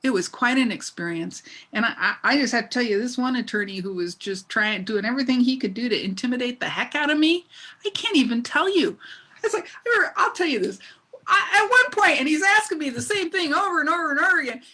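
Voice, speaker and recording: A middle-aged woman preaches a sermon in a bright, ringing voice that sits fairly high. She tells her story with energy and laughter, and she keeps turning to her listeners with questions. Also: quick pace. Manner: animated, laughing storyteller who asks the congregation questions. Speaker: minister.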